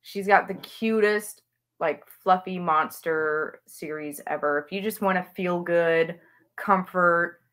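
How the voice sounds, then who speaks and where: A woman's voice: fairly low pitch, slow, fairly bright tone. A woman author chatting as an interview guest, talking with gushing enthusiasm about books she loves. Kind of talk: casual interview chat.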